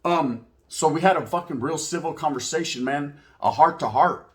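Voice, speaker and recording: A man tells a story in a loose, unscripted way. His voice sits a little higher than most men's. He swears freely and leans on street slang laced with Spanish words. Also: moderate pace. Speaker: channel host. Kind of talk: casual storytelling.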